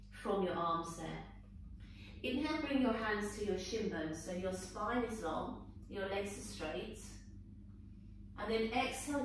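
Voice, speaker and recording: A woman yoga teacher calmly talking students through a guided flow, with gentle encouraging cues. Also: mid-range voice. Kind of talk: guided yoga class instruction. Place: indoor room, teacher on her mat. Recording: echoey room, voice from a distance, faint background noise.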